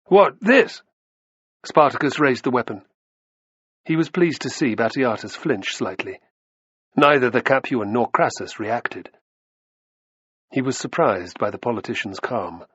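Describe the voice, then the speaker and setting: A man narrating an audiobook with a dramatic, expressive reading. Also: medium pitch, a little slow, long pauses, husky, no echo. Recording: dull lo-fi dry recording.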